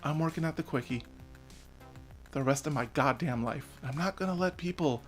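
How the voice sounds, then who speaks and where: A man's voice: fairly high pitch, normal speed, faint music behind. A man in his thirties giving an earnest, emotional personal rant as a vlogger, swearing now and then. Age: 30s.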